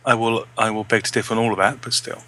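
A man's voice: on the low side, steady tone, quick pace, background noise. A man co-hosting a casual gaming podcast, reading emails and trading playful, teasing banter. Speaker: podcast co-host. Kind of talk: casual chat.

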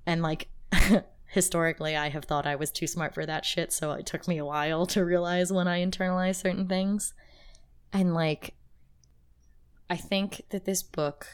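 A woman's voice: on the low side, level tone, moderate pace, clean tone. A woman co-hosting a podcast, talking in a casual, emotional and rambling way with many restarts. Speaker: podcast co-host. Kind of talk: casual chat.

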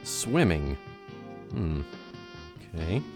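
A man's voice: low-pitched, big pitch swings, extremely slow, over music. A man co-hosting a podcast, teasing and playful, laughing often as he runs a word game. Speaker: podcast co-host. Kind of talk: casual chat and mock-sultry reading.

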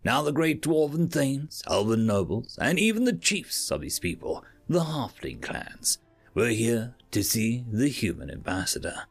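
A man's voice: mid-range voice, measured pace, slightly rough, soft background music. A man narrating sci-fi and fantasy short stories as a podcast reader. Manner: expressive reading. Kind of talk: audiobook story narration.

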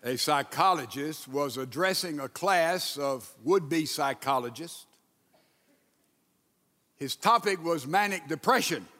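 A man preaches from the pulpit, talking his congregation through scripture and prayer. His voice sits high and moves at an unhurried, deliberate pace. The sound rings with the long reverb of a large sanctuary. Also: expressive, bright, forceful tone. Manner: leads congregation in reading and prayer. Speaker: pastor. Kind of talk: sermon. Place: church sanctuary.

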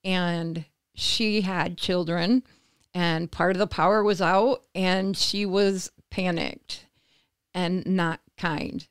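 A woman from the United States, an interview guest telling a personal story in conversation, animated and acting out what others said. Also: lowish voice, takes it slowly, clear, resonant tone, no room sound, studio quality. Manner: animated, acts out quoted voices, laughs between phrases.

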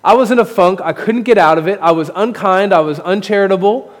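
A man preaching from the pulpit, speaking frankly and poking fun at himself as he builds his points. His voice sits a little higher than most men's, and it rings out through a church hall with a long reverb tail. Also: fairly quick. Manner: candid, self-deprecating preaching with rising emphasis. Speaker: pastor. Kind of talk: sermon. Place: church sanctuary. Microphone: podium microphone.

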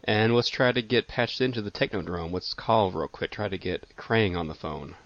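A man's voice: lowish voice, normal speed, fairly bright tone, no echo, lo-fi sound, soft background music. Easygoing male interview host. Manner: easygoing, fillers and restarts. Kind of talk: casual interview.

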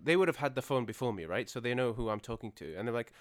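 A man chats casually with friends, telling anecdotes and slipping into the voices of the people he quotes. His delivery is relaxed and conversational. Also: mid-range voice, fast, few pauses. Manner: storytelling, acts out quoted voices. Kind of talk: casual chat.

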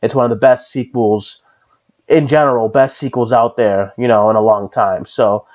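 A man's voice: mid-range voice, fairly even intonation, normal speed, a little mellow. A man hosts a casual podcast in an easy, rambling way. He restarts often and leans on fillers. His mid-range voice comes through on a slightly dull, lo-fi recording. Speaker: podcast host. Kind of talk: casual chat.

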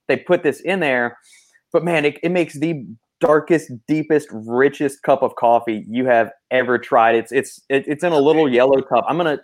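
A man hosting a casual podcast, talking at a quick clip. He rambles freely, full of you-knows and restarts. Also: mid-range voice. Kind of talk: casual chat.

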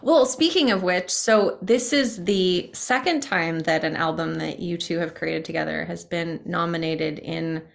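A woman's voice: lowish voice, measured pace, gravelly, hardly any pauses. A woman hosting a podcast, chatting casually and asking curious follow-up questions. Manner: curious, conversational, asks follow-ups. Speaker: podcast host, interviewer. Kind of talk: casual interview chat.

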